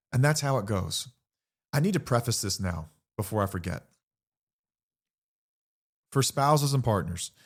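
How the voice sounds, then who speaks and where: A middle-aged man hosting a podcast, speaking blunt and earnest about recovery and swearing casually. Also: medium pitch. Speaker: podcast host. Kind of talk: candid recovery talk.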